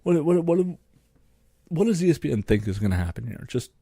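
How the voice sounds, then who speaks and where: A man's voice: lowish voice, very animated, racing, creaky, warm tone, breathy edge, no room sound. A young man, co-hosting a podcast and ranting sarcastically about sports, swearing freely. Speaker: podcast co-host. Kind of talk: solo sports podcast rant.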